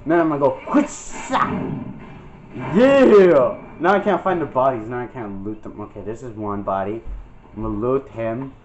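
A man's voice: medium pitch, fast, crowd noise. A young man giving casual, jokey commentary over a video game, yelping and putting on silly voices as he plays. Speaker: gameplay commentator. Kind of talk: casual let's-play commentary. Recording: dull lo-fi mic with game music.

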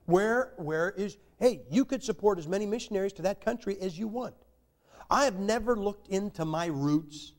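An older American man preaching a sermon with a noticeably high-pitched voice. His delivery is folksy and joking, full of emphatic rises as he drives his points home. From United States.

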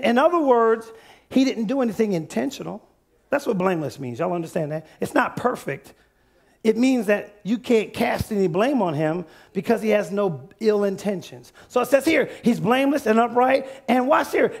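A man preaching a sermon as pastor of a church, calling out questions to the congregation and rising to shouts as he reads scripture. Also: very high voice, gravelly, breathy edge. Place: church sanctuary.

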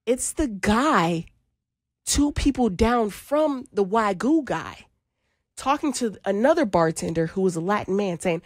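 A woman co-host recounting a funny night out in an animated way, her pitch swinging widely from phrase to phrase. Her voice is close and dry, with no room sound around it. She laughs easily through her own story. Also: measured pace, no room sound. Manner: animated, laughs often while telling stories. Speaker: podcast co-host. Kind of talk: casual storytelling chat.

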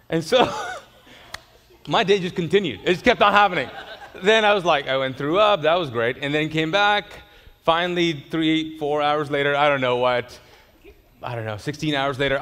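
A man preaching in a church hall with a long, ringing reverb. His voice sits a little high for a man. He tells his story in an animated way, acts out the other voices and jokes with the crowd. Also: normal speed. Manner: joking with the congregation. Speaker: pastor. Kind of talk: sermon.

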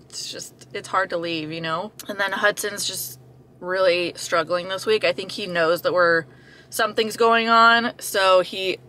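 A woman's voice: fairly low pitch, sharp tone. A woman in her thirties vlogging casually while moving house, chatty, out of breath and laughing often. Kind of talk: casual vlog chat.

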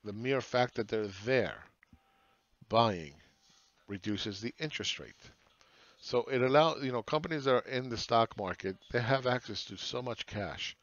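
A man's voice: medium pitch, lively intonation, normal speed, fairly bright tone, no echo, dull audio. A man hosting a casual monologue on the economy, talking bluntly with profanity and rhetorical questions. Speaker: market analyst host.

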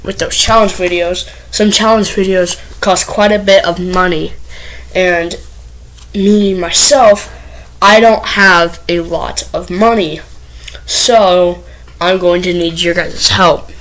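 A woman's voice: fairly low pitch, fairly even intonation, slow, a bit bright, poor audio. A woman vlogging to camera, nervous and rambling, with lots of filler words and restarts. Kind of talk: casual first vlog to camera.

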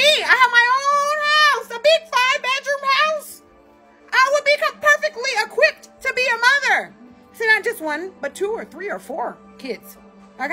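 A woman's voice: sits high, bright, forceful tone. A young woman, ranting and cursing heatedly as a livestream host. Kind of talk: angry ranting commentary.

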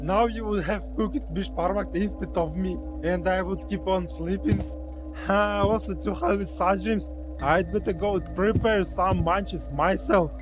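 A man's voice: high-pitched, unhurried, music in the background, rough recording. An actor playing a grumpy, crude, foul-mouthed man in game dialogue, swearing as he grumbles. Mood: grumbling.

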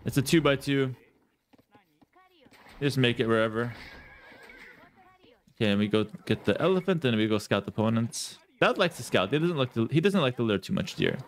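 A man plays a strategy game live, chatting playfully with his "guys" in a mid-range voice with lively intonation, normal speed and frequent pauses. There's slight background noise, and he repeats words as he thinks aloud.

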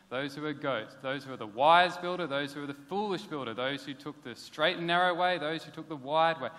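A pastor, preaching a sermon in a casual, conversational way. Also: male voice, a little high, a bit bright. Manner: conversational, plain-spoken preaching with casual asides. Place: church hall. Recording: long hall reverb.

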